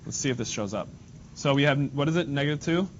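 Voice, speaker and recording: A man's voice: mid-range voice, lively intonation, fast talker. A male math teacher leading a classroom lesson, casual and joking, calling on students by name. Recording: dull lo-fi classroom recording with faint noise.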